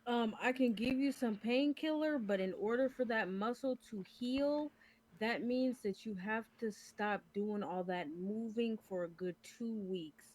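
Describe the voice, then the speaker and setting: A woman playing a calm, polite female doctor in a game role-play, pausing with ums now and then. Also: fairly high pitch. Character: patient female doctor at a clinic.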